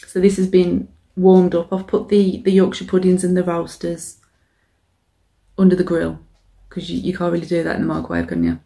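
A woman's voice: on the low side, normal speed, vocal fry, dark tone. A young woman chatting casually and swearing freely while eating on camera. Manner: chatty, sweary and self-mocking. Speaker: mukbang vlogger. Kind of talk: casual eating-show chat.

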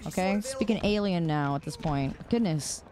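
A woman's voice: fairly low pitch, expressive, moderate pace, dark tone. A young woman streaming a shooter game, chatting casually with her viewers, greeting them by name and laughing often. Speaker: live streamer. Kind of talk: casual live-stream chat while gaming. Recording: noisy with clicking behind the voice.

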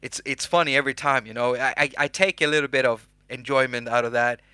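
Man, casual tutorial host, bright forceful voice, dry close sound, jokes at himself. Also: mid-range voice, fast talker, clear, resonant tone, no echo. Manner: joking, self-mocking, chatty.

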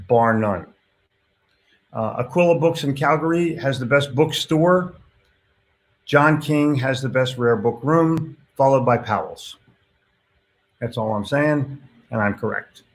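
Blunt, chatty male host. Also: medium pitch. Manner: blunt, with casual swearing; reads comments aloud and reacts to them. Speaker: host reading viewer comments. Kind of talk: casual live-stream chat.

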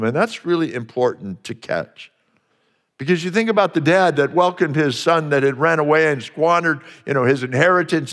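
A man's voice: a little high, big-room sound. A male pastor preaching a sermon earnestly, repeating phrases for emphasis and sometimes restarting mid-sentence.

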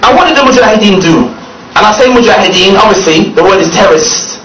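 A man giving a mocking talk to a gathering, sarcastic and emphatic, often laughing and at times shouting. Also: high voice, expressive, quick pace. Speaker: speaker addressing a gathering. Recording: distant echoey hall recording with noise.

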